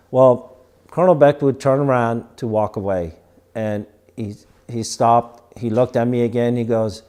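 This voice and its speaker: Older guy from iran telling a story, lowish mellow voice, acts out the lines. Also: moderate pace. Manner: animated storyteller acting out quoted dialogue. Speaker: interviewee, veteran. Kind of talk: storytelling interview.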